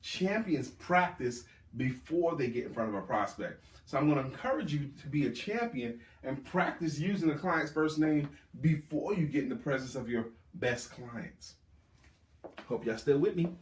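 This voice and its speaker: A man coaching a live audience on sales, speaking with emphatic, drawn-out stress on key words. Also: a little high, lively intonation. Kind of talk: live sales workshop talk. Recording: roomy, distant mic.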